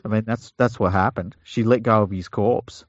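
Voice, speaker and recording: A man with a lowish voice co-hosts a sports podcast, rambling and joking. The sound is dry and dull, like a home podcast mic. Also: fairly even intonation, normal speed, no echo. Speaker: podcast co-host. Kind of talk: casual sports chat.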